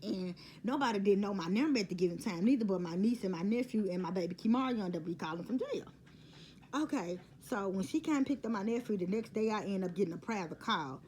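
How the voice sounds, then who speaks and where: A woman tells a personal story in a casual vlog. She talks in an animated, blunt way and swears freely, with a mid-pitched voice. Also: quick pace, a little hiss or hum. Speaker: storyteller vlogger.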